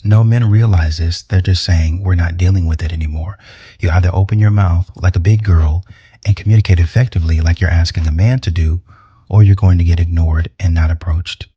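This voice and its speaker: Deep dark husky man, blunt commentator, dull dry sound. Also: fairly even intonation, fairly quick, no echo. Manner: blunt, scolding. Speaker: reaction channel host. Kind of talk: commentary on clips.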